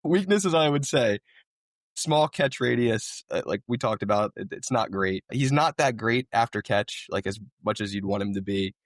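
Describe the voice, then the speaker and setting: Lower-voiced, chatty male co-host. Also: normal speed, no echo, studio quality. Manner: enthusiastic, uses many fillers like "I mean" and "like". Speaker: podcast co-host. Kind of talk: casual chat.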